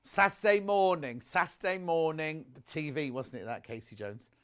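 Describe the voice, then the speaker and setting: Chatty guy selling sewing stuff on shopping tv, pretty high voice, gushes over everything. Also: lively intonation, normal speed, fairly bright tone, smooth. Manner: chatty, gushing, reads out viewer messages. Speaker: home shopping presenter. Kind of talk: live shopping broadcast chat.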